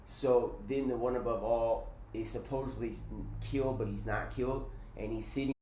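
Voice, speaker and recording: Excitable slangy man telling a story. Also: medium pitch, normal speed, few pauses. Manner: excited, slangy, many restarts and "he's like". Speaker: Twitch streamer. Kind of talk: casual rambling storytelling. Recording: echoey room with faint background noise.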